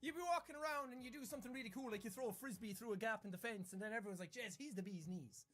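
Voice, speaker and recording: A man's voice: rapid-fire, faint music behind. A young man with an Irish accent, giving a comedic lesson in Irish slang and jumping into exaggerated quoted voices. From Ireland. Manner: animated, jumps into exaggerated high-pitched quoted voices. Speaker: YouTuber.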